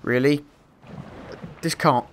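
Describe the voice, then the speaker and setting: A man commentating a game playthrough, excitable and swearing, quick to panic and laugh at himself. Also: a little high, slight background noise. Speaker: gameplay commentator. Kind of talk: let's play commentary.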